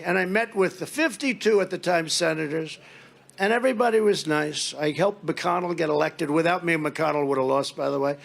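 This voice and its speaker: At a political rally, a man with a high, gravelly, slightly bright voice gives a loose, conversational speech. He rambles through mocking stories and drops into small acted-out exchanges between people.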